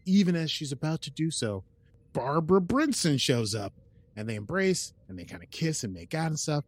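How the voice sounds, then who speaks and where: A man hosting a podcast and recapping an episode in casual chat, rambling with lots of fillers and slipping into quick quoted asides. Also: on the low side, expressive. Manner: rambling, with frequent fillers and restarts; plays out characters' lines in quick quoted asides. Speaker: podcast host.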